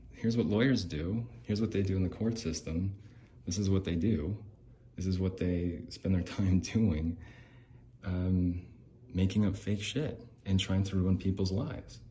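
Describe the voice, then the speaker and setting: A man with a low, mellow voice delivers a casual podcast monologue. He rambles and restarts often, and his tone turns sarcastic and bitter. A faint hiss sits under the recording. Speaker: podcast host.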